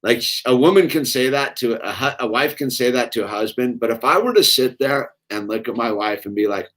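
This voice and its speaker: A man's voice: medium pitch, animated, fairly quick, hardly any pauses, a bit bright. A middle-aged man, chatting casually and rambling while building Legos, saying "dude" a lot. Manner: laid-back, rambling, says "dude" a lot. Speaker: vlogger.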